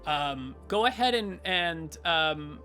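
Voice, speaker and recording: 明亮高音的男游戏主持人. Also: male voice, a little high, animated, takes it slowly, pushed and bright, faint music behind. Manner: rambling, filler-heavy, self-correcting. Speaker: game master. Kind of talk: narrating a tabletop game.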